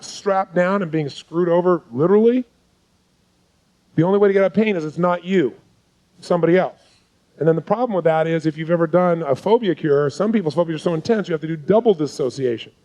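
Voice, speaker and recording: Male seminar coach, slightly high pitch, intense, keeps quizzing the audience with rhetorical questions. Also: darkish tone, low-quality recording. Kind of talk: live seminar teaching.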